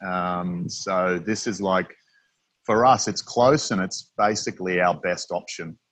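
A man with an Australian accent, speaking as a guest in a relaxed interview. His voice is husky and sits on the low side. He rambles through his stories with plenty of fillers and restarts, and the recording is dry, with no room sound. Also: unhurried, no room sound. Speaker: freediving instructor and interview guest. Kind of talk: casual interview chat.

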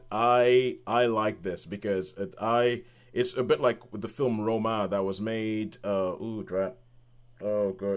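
Rambling, lively man chatting about a film. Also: fairly low pitch. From Nigeria. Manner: rambling, many restarts, animated when excited. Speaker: film podcast host. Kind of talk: casual film review chat.

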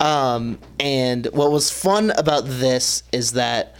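A man's voice: medium pitch, slow pace, clean tone. A young man co-hosting a casual podcast chat, rambling with many fillers. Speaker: podcast co-host.

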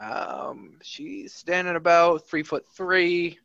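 Young male player, slow and bright-toned, dry lo-fi recording. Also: high-pitched, level tone, gravelly, dry recording. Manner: unhurried, rambling with fillers. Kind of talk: describing a game character. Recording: dull lo-fi mic.

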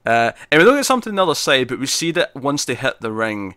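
A man co-hosting a podcast, chatting casually and excitedly as he recaps a TV episode. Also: mid-range voice, quick pace, no room sound, studio quality. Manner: excitable, animated retelling of scenes. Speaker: podcast co-host.

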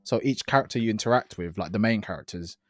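Young man, slangy gamer chat, low-ish, dry. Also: quick pace, no room sound. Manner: chatty, enthusiastic, slangy. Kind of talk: casual gaming chat.

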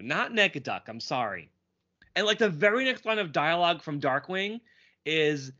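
Bright-voiced man on a podcast. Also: fairly high pitch, normal speed, muffled recording. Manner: animated, quips and reads lines aloud. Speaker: podcast co-host. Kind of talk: casual comic book podcast chat.

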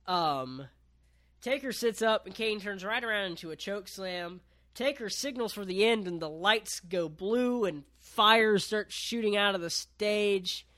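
A man's voice: high voice, lively intonation, measured pace, sharp tone. A man casually recapping a wrestling match on a podcast, laid-back, with lots of ums and casual swearing.

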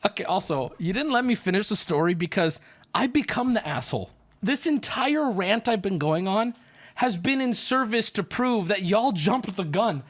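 A man's voice: high-pitched, expressive, normal speed. A man streaming, telling a story to his chat in an indignant, profane rant. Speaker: livestreamer.

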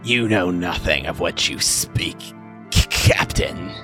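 Treacherous stammering first mate, played by a man, slow and cold. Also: lowish voice, lively intonation, music in the background, voice pushed down. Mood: disdainful. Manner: stutters on "Captain".

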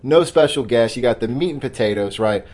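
A man's voice: mid-range voice, animated, fairly quick, darkish tone. A man hosting a sports betting podcast in casual chat, brash and joking as he hypes his own picks. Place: studio office.

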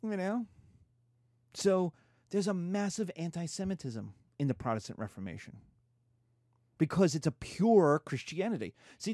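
A man's voice: fairly high pitch, mellow, no echo, studio quality. A man giving a casual, irreverent history lecture, acting out quotes in slangy voices.

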